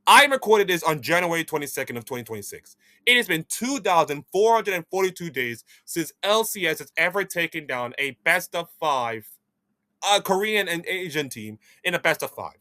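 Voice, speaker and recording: A man hosting an esports news show, giving opinionated commentary in a rambling, animated way with frequent restarts. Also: fairly high pitch, moderate pace, no room sound.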